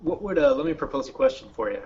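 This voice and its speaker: A man who designs games, talking in a relaxed, conversational way on a podcast panel, posing questions and sharing stories. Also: a little high, quick pace. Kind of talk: casual panel discussion. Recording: dull lo-fi recording.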